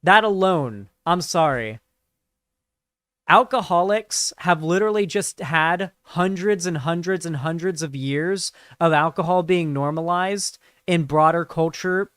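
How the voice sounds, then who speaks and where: A male streamer gives casual live commentary, rambling and swearing and packing his speech with fillers. His voice sits a touch high and sounds smooth and resonant. The recording is close and dry. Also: measured pace, a bit bright, dry recording. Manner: rambling, profane, lots of fillers.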